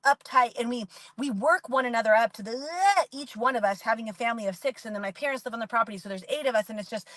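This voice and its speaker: A woman's voice: on the high side, quick pace, hardly any pauses, a bit bright, no echo. A woman in her forties talking candidly about parenting in a casual, rambling monologue, full of "like". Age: 40s. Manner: rambling and candid, heavy use of "like". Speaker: parenting vlogger.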